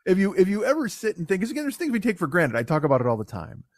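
A man's voice: high voice, huge pitch swings, very fast, dry recording, studio quality. A man hosting a podcast, doing a comedic monologue that rambles and swears a lot. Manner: profane, rambling riffing. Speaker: podcast host.

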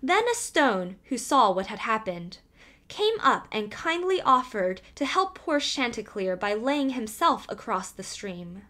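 A woman reads an old fairy tale aloud at an unhurried pace. Her voice is a little high and full of movement, and she shapes each line expressively as she narrates. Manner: expressive storytelling. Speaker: audiobook narrator.

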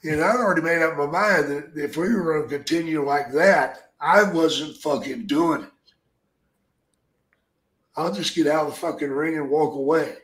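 Older man, gruff raconteur with a heavy cursing habit, sits a touch high in his register, in a roomy echoing space. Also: a bit bright. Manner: blunt, heavy swearing, drawn-out storytelling. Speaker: guest, retired wrestler. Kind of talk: profane storytelling. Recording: roomy echo.

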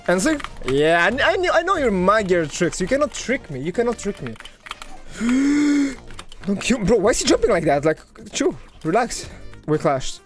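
A man giving excitable live commentary over his own gameplay, talking to his viewers and swinging from loud hype to low muttering. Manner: talks to viewers as "guys". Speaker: gaming video creator.

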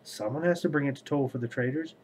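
A man's voice: medium pitch, fast, a little mellow, slight background noise, natural voice. A man reading the lines of a harried, exasperated young prince in a fantasy audiobook-style reading. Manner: exasperated, commanding.

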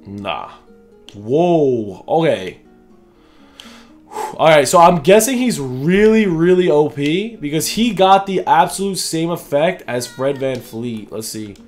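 A man's voice: fairly high pitch, lively intonation, unhurried, darkish tone, faint music behind. A young man giving casual, slangy commentary over a video game, thinking aloud as he goes. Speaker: gaming YouTuber.

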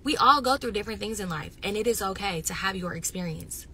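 Loud animated woman on a live stream, bright voice, goes from excited yelling to almost whispering, faint noise in the room. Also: medium pitch, fast talker. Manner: chatty and animated, swings between loud bursts and near-whispers; says she is loud. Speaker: reality TV personality going live. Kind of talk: casual livestream chat with viewers.

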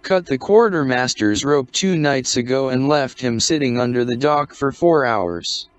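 A man playing a gruff blustering sea captain. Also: medium pitch, measured pace, no room sound, close to an everyday voice. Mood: stern. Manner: curt, blustering, mock-severe. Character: gruff stern middle-aged male ship's captain. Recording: dull, muffled lo-fi recording.

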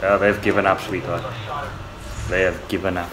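A man's voice: low voice, little pitch movement, moderate pace, a crowd in the background, low-quality recording. A young man giving casual, rambling commentary while playing a racing game, often swearing and restarting his sentences. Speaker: gamer.

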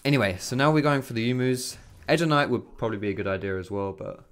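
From his bedroom, a young man gives relaxed, talkative commentary on his own gaming in a fast, medium-pitched voice, cursing freely. Keyboard and mouse clicks can be heard behind him.

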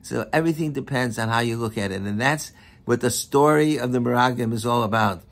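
Gravelly, animated rabbi giving a sermon. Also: male voice, medium pitch, fairly quick. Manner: animated, emphatic, with frequent repetition.

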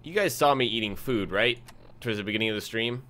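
Speaking fast in a lowish voice, a young streamer chats casually while playing a game. He's relaxed, reads out messages from chat, and leans heavily on fillers.

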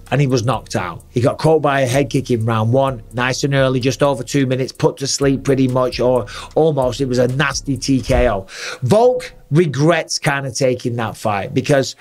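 A man in his forties, a former fighter, giving emphatic fight analysis and often checking in with "okay?" and "right?". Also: medium pitch.

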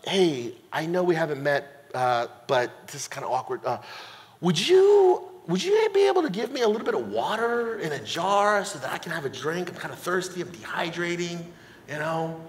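A man voicing an awkward, sheepish male prophet who asks favors in a hushed, mumbling voice. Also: extremely high pitch, lively intonation, fairly quick, voice pushed up, full character voice. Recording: long hall reverb, church sanctuary.

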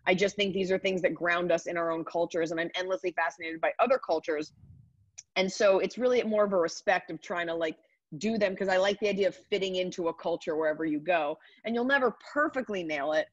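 A chatty, upbeat woman comedian in her thirties answers interview questions in a lowish voice. Her video call audio is dull and dry. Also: no room sound. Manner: chatty, upbeat, rapid asides. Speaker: comedian guest. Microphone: computer mic on a video call.

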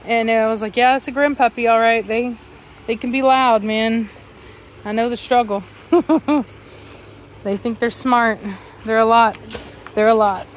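A woman's voice: a little high, fairly even intonation, measured pace, long pauses, a little hiss or hum. A woman breeder chatting casually outdoors among her dogs, scolding them sharply and cooing at them. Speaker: dog breeder. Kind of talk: casual vlog talk to camera and dogs. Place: outdoors in a dog yard.

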